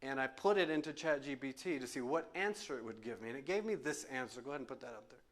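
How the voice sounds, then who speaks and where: A man's voice: medium pitch, lively intonation, fast, a bit bright. A man preaching as pastor in a church, speaking emphatically in a question and answer session and repeating phrases for stress. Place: church sanctuary.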